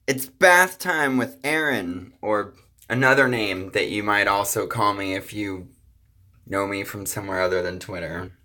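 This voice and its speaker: A young man vlogging casually, telling a personal story with profane jokes and quick asides. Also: lowish voice, bright, forceful tone.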